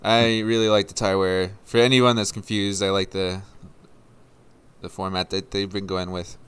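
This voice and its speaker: A man's voice: sits low, level tone, moderate pace, a bit bright, clean tone. Joking, chatty male podcast host. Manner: joking, chatty, laughs often. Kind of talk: casual live commentary chat. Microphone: headset with headphones.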